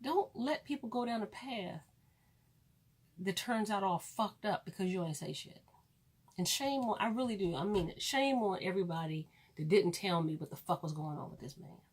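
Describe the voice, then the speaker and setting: A woman with a husky, breathy voice at an ordinary middle pitch, ranting straight into her vlog. She is blunt and preachy, swears freely, and hammers her points home by repeating them. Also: normal speed. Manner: emphatic, profane, repeats for emphasis. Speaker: vlogger.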